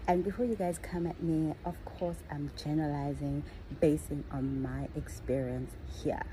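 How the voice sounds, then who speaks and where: Woman, low pitch, casual vlog storytelling, chatty and candid, noisy background. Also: steady tone, moderate pace, warm tone. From South Africa. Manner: chatty and candid, with frequent fillers. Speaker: vlogger. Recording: audible background noise.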